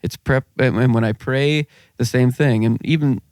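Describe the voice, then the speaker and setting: A man's voice: medium pitch, steady tone, normal speed, darkish tone, no echo. A man co-hosting a podcast, casual chat, rambling and searching for his words. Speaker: podcast co-host.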